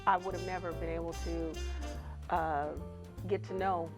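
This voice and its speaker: Brief: lowish-voiced woman, gentle and hesitant, lots of "um"s, guitar music behind. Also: little pitch movement, normal speed. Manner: hesitant, many fillers, gentle. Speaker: interviewee. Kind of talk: interview talk.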